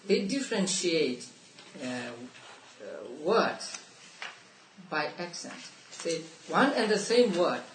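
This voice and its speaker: A man teaching a Buddhist text to a study class, explaining slowly with restarts and soft laughs. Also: fairly high pitch. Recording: roomy, distant mic, faint room noise.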